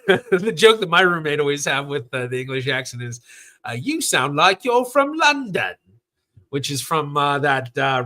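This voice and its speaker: A young man hosts a genealogy livestream in a loose, chatty way. He wanders through his thoughts with plenty of fillers and quick self-corrections, often laughing at himself. His voice is bright and forward at an average pitch. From Southern California. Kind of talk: casual livestream chat answering viewer questions.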